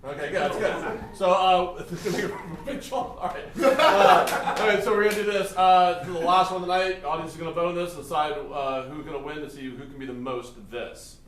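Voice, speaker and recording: A man hosts a live improv show with a fairly high voice. He gives rambling, filler-heavy instructions to the players and the crowd. He is miked from far off in an echoey theatre with loud background noise. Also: fairly even intonation, moderate pace, hardly any pauses. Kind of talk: hosting live improv comedy. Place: theatre stage.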